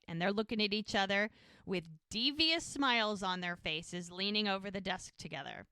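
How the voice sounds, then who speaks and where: A woman co-hosting a podcast, recapping a TV episode in a casual, animated way and acting out the characters' lines as she goes. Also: medium pitch, moderate pace, clear, resonant tone, dry recording, studio quality. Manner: animated retelling with quoted dialogue. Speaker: podcast co-host.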